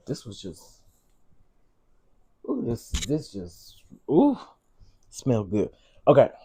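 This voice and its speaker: A man's voice: mid-range voice, huge pitch swings, slow pace, mellow, breathy edge. A man hosting a livestream, giving sassy, teasing live commentary with laughing asides. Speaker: livestream host.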